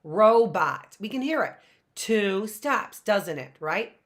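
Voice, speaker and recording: A middle-aged woman teaching a phonics lesson to young children, slowly sounding out words and spelling them letter by letter. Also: mid-range voice, very animated, a bit bright. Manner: slow, sounding out words syllable by syllable.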